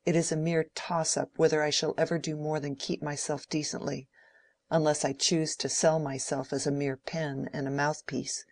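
A woman's voice: low voice, flat delivery, normal speed, darkish tone, no room sound. A woman doing an angry bitter young man.

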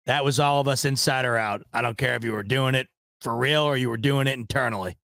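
A man's voice: mid-range voice, quick pace, gravelly, fairly bright tone, no echo, clean studio sound. A man hosting a casual sports podcast, rambling in a frustrated, self-deprecating way and swearing now and then. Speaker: podcast host.

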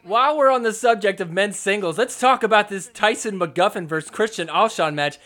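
A man's voice: high-pitched, fairly quick, sharp tone. A young man hosting a podcast, recapping a sports match in a casual, sarcastic way and mocking the players with imagined lines. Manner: sarcastic, jokey, voices players' imagined thoughts. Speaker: podcast host.

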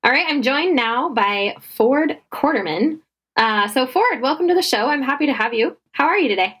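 A woman's voice: high-pitched, animated, normal speed, fairly bright tone, husky, low-quality recording. Upbeat woman interviewer, friendly casual host. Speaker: podcast host.

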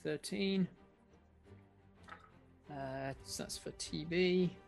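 A man narrating a tabletop game as game master, animated, laughing often. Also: a little high, very slow, gravelly, faint music behind.

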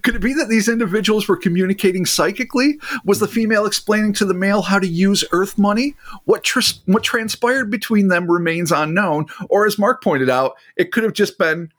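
A man's voice: high voice, fairly quick, few pauses. A man hosting a podcast, mixing casual chat with reading a story aloud and swearing freely. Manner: animated, laughing, swears freely. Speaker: podcast host.

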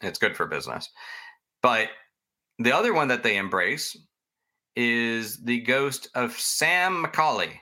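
A man's voice: mid-range voice, big pitch swings, takes it slowly, long pauses, sharp tone. A man hosting a podcast, casually telling ghost stories in a chatty, rambling way and poking fun at himself. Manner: chatty, rambling, self-mocking. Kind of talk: casual storytelling chat.

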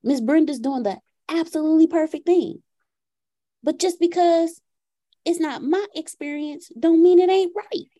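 High, mellow-voiced woman telling stories. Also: measured pace. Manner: animated, acts out dialogue with her son. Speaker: podcast host. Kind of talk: casual storytelling.

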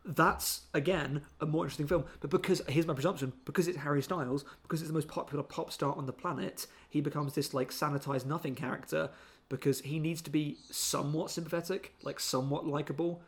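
A man's voice: fairly high pitch, fast talker. Chatty man reviewing films. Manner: animated, mocking impressions of film characters. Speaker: podcast co-host. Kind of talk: casual film review chat.

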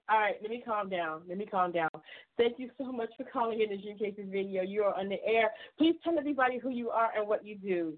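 A woman's voice: medium pitch, moderate pace. A woman hosting a casual radio show, effusive and encouraging, laughing often as she chats with callers. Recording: tinny phone-like line.

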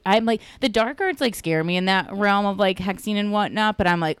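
A chatty woman tells a story in casual talk, with "like" in almost every phrase. Her voice sits a little low and is smooth and clear. It sounds close and dry, with no room echo. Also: moderate pace, hardly any pauses. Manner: chatty, lots of "like", acts out quotes in animated voices.

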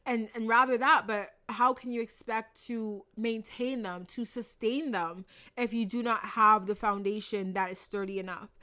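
A young woman giving an earnest, animated motivational talk, casual and repeating phrases for emphasis, swearing now and then. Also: fairly high pitch, normal speed. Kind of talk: motivational monologue.

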